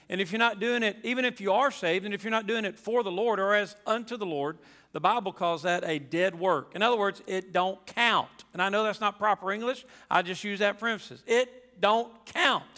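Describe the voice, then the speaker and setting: A man's voice: high voice, brisk, sharp tone, long reverb tail. A pastor preaching a sermon to his congregation, emphatic and folksy, repeating his key phrases.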